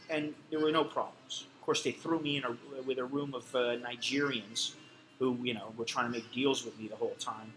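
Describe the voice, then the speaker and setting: A middle-aged man tells a personal story as a casual spoken anecdote, blunt, profane, and full of fillers. His mid-range voice is fairly bright with fairly even intonation and a slightly fast pace, and the low-quality recording carries a little hiss or hum.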